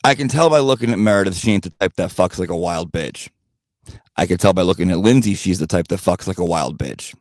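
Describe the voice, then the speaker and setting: A man's voice: low-pitched, animated, brisk, dry recording, studio quality. A man telling a blunt, profane gossip story in a rambling rant-style monologue. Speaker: channel host.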